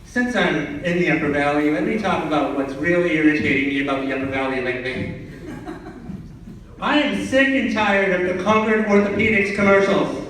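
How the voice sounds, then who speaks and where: High-voiced ranting man in an echoey club. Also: moderate pace, a bit bright, a little hiss or hum. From Vermont. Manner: sarcastic, ranting, jumps up high for mocking voices. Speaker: stand-up comedian. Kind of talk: stand-up comedy set. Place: small comedy club stage. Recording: echoey club filmed from a distance.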